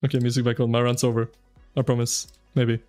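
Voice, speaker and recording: A man streaming live, chatting with his viewers in an excitable, slangy, ranting way. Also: medium pitch, fast, faint music behind. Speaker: game streamer. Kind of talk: casual live-stream commentary.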